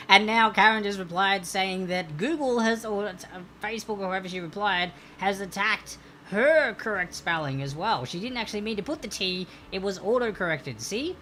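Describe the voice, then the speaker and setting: A woman's voice: mid-range voice, moderate pace, hardly any pauses, fairly bright tone, a little hiss or hum. A woman hosting a live-streamed trivia quiz, chatty and playful, laughing often and reading questions to players.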